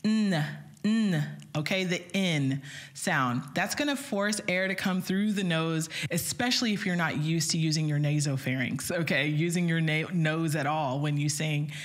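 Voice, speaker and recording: Woman, vocal coach, slightly low voice, upbeat, online singing lesson, talks to viewers. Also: moderate pace. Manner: upbeat, addresses viewers directly, sings vowel demos.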